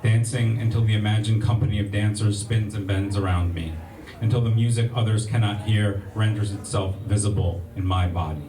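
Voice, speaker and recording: An American man giving a poetry reading at a library event, reciting in a measured, rhythmic way with casual asides to the audience. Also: fairly low pitch, steady tone, a crowd in the background. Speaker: poet. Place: public library event room. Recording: echoey room, distant mic, faint ambient noise.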